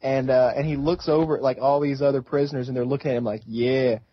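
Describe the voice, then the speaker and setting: A young adult man co-hosting a podcast eagerly tells a story in casual chat, acting out the quotes. His voice is mid-range and breathy-edged, with fairly even intonation and a fast delivery, captured in dull lo-fi audio.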